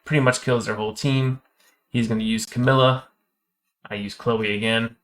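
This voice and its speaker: A man's voice: mid-range voice, fairly even intonation, normal speed. A young man giving casual gameplay commentary, chatty and explaining his strategy step by step with frequent fillers. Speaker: gaming YouTuber.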